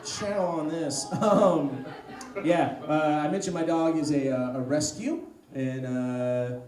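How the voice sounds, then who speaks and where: A man performs a stand-up set in a fairly high voice, drifting through a story with deadpan asides. He sounds far from the mic in a reverberant room, with clear background noise. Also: takes it slowly, crowd noise. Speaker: stand-up comedian. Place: comedy club stage. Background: audience laughter.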